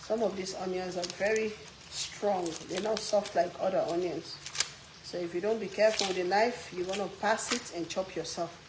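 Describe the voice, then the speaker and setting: A woman with an African English accent chats playfully in her home kitchen as she cooks for her vlog. She teases her viewers with mock indignation and reads their comments aloud, talking at an easy everyday pitch. Faint noise hangs behind her voice. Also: steady tone, normal speed. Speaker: cooking vlog host. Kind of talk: casual cooking chat while reading viewer comments.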